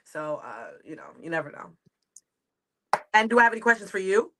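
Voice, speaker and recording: A woman's voice: medium pitch, very animated, brisk, bright, forceful tone, slight background noise. A woman from the United States with a New York accent, a comedian chatting as a guest on a video-call interview, rambling and easy to laugh. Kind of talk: casual interview chat.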